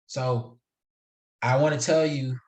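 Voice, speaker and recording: A man's voice: medium pitch, steady tone, takes it slowly, a little mellow. A young man hosting a solo podcast, talking casually in a slangy, emphatic, preachy way. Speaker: podcast host.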